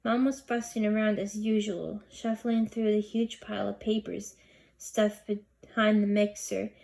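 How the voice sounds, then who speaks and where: A woman narrating a children's novel aloud in a steady, expressive reading. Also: mid-range voice, measured pace, vocal fry. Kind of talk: storybook narration.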